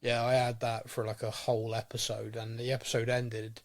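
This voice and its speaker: A man's voice: medium pitch, monotone, moderate pace. A sounding man co-hosting a podcast in casual chat, rambling and repeating words as he starts sentences. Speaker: podcast co-host.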